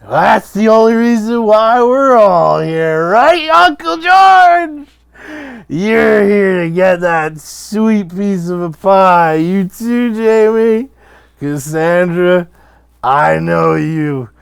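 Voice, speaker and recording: A man voicing a drunk, rude adult son who mocks his family with a loud, whiny, sneering voice. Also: sits high, very animated, fairly quick, pitched above the performer's own voice. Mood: mocking.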